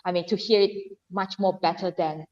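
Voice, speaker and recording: A woman's voice: on the low side, steady tone, moderate pace, a little mellow. A woman with a Malaysian Chinese English accent, a guest in a casual chat, talking hesitantly and repeating her words. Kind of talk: casual video-call chat. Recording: dull lo-fi audio with long reverb.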